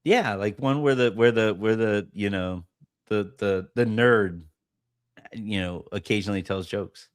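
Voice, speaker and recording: A young man hosting a casual sports podcast, sarcastic and quick to laugh. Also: lowish voice, no echo, clean studio sound. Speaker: podcast host.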